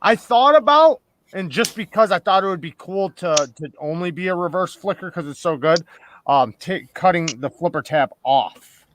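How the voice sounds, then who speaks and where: Needling male co-host; lively delivery, noisy line. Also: sits high, normal speed. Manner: teasing, needling. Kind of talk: casual chat.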